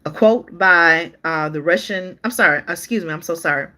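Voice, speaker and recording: Bright-voiced woman hosting live news chat. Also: fairly low pitch, normal speed. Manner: chatty, talks straight to viewers, stops to restart and look things up. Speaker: live-stream news host. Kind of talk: casual live-stream news commentary, reading articles aloud.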